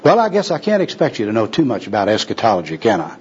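A man voicing a kindly old male preacher with a gentle manner full of churchy jargon, heard on a dull lo-fi recording. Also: on the low side, wildly swooping pitch, fast talker, husky, full character voice. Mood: kindly, pious.

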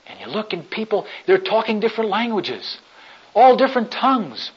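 A male preacher telling a story in a sermon, swinging between hushed and loud delivery. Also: high voice, sing-song, normal speed, husky. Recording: dull lo-fi recording.

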